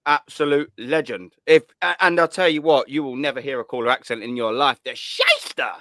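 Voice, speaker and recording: A man's voice: medium pitch, fairly quick, a bit bright, dry recording. A man, hosting a casual call-in chat with blunt, sweary banter. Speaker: host.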